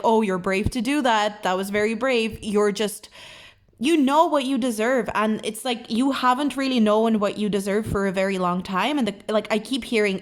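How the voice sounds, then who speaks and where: A young woman reads tarot cards for her viewers in a warm, encouraging, gushing way. She speaks at a middle pitch and fills her talk with "um" and "like". She sounds soft and sincere throughout. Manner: gentle, encouraging, effusive, with many fillers. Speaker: tarot card reader. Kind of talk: pick-a-card tarot reading.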